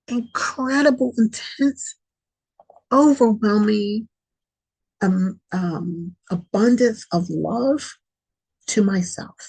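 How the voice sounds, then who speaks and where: A woman hosts her podcast in a reflective spiritual monologue. Her voice is low, gravelly and husky, and she talks slowly and earnestly. She keeps coming back to key phrases. The sound is close and dry. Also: a little mellow, no echo, poor audio. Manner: slow, gravelly, breathy voice. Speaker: podcast host.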